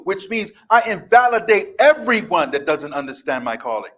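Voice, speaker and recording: A man in his fifties speaking on stage as a life coach, with a slightly high voice. He delivers an emphatic, repetitive motivational speech in a defiant tone. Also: lively intonation, normal speed, few pauses. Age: 50s. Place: stage before a live audience.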